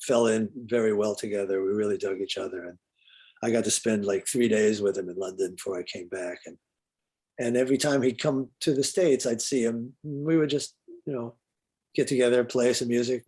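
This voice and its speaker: A man's voice: mid-range voice, steady tone, moderate pace, slightly rough. An older man, a veteran guitarist, telling laid-back stories as an interview guest. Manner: laid-back, warm storyteller. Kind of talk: relaxed interview storytelling.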